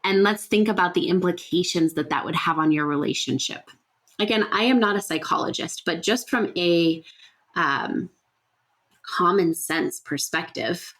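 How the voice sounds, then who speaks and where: Woman, podcast host, somewhat low voice, casual earnest explaining, conversational fillers. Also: a bit bright. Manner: conversational, thinks aloud with fillers and frequent "right?". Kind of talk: casual solo podcast talk.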